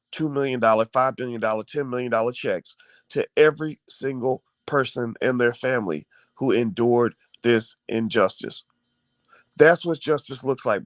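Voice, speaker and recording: In a dry recording, a man with a mid-range voice launches into impassioned political commentary as a commentary host. He's heated and preachy, tripping over words, repeating himself, and swearing along the way.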